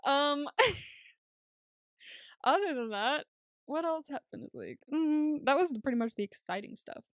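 Speaking slowly in a high, animated voice, a young woman co-hosting a podcast tells stories in casual chat, laughing often and acting out quotes. The studio-quality recording has no room sound.

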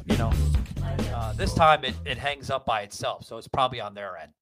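A man's voice: mid-range voice, brisk, a bit bright, soft background music. A man co-hosting a podcast, telling a long story in crude casual chat, full of fillers and swearing. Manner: rambling storyteller, heavy swearing, many fillers. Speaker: podcast co-host.

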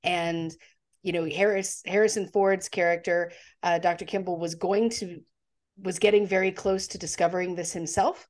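Brief: woman, lower pitch, animated podcast co-host recapping a film. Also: normal speed. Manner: animated storytelling with acted-out quotes. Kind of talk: casual film recap chat.

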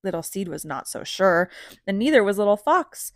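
A woman reading a children's picture book aloud, gentle and animated, pausing to ask questions. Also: medium pitch, no room sound. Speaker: storybook reader for children.

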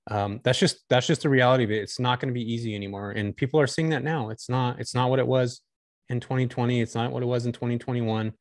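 A man's voice: mid-range voice, steady tone, quick pace, dry recording, studio quality. A man talking candidly and enthusiastically as a guest on a casual podcast chat. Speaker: guest, short-term rental host.

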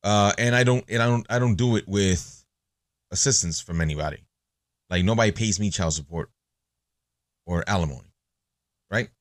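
A man's voice: on the low side, moderate pace, pauses often, dry recording, clean studio sound. A man hosting a podcast, talking in a blunt, profane, casual monologue. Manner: blunt, profane, animated storytelling. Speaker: podcast host.

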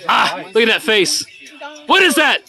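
A man's voice: extremely high pitch, big pitch swings, unhurried, soft background music. A man teasing his friends and cheering them on during drinking games at an outdoor camping festival. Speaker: reveler leading drinking games. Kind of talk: rowdy party banter. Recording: loud crowd chatter throughout.

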